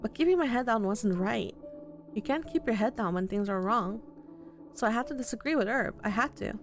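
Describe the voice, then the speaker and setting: A woman's voice: on the high side, expressive, a little fast, faint music behind. A woman voicing an earnest, worried young man in a visual novel. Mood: upset. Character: earnest, anxious young man in his twenties.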